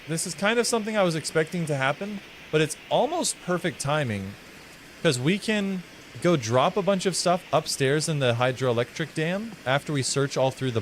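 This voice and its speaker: A man with a mild, flattened American Southern accent, rambling, swearing and musing playfully while he streams a game. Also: on the high side, a little hiss or hum, rough recording. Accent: mild American Southern, partly flattened. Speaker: live streamer. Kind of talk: casual gameplay commentary.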